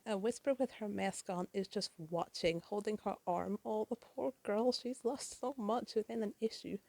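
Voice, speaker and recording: A woman's voice: mid-range voice, measured pace, creaky, darkish tone, dry recording. A woman narrating a comic book issue in a chatty, casual way, with swearing, fillers and side remarks. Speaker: comic reader.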